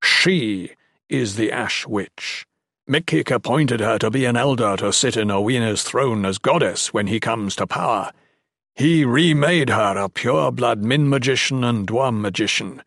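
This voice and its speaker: A man's voice: mid-range voice, measured pace, fairly bright tone, dry recording, clean studio sound. A man voicing a blunt, stern old male magician.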